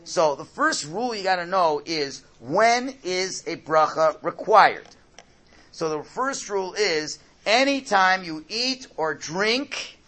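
Bright, lively man teaching a religious class. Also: sits high. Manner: explains slowly, repeats key points, asks "right?" often. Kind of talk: classroom Torah lesson.

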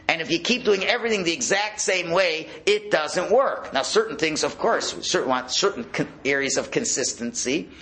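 Lively, bright-voiced rabbi giving a sermon. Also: male voice, mid-range voice. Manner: storytelling with rising excitement and acted quotes. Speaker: rabbi giving a Torah class. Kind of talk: sermon-style Torah talk.

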